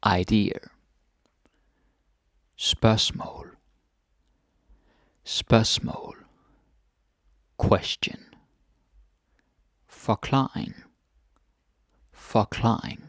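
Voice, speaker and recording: Guy teaching a chill language lesson, kinda low gravelly voice, repeats everything, says "right?" a lot. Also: drawn-out words, pauses often, no echo, clean studio sound. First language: Danish. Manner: relaxed, repeats words, asks "right?" often.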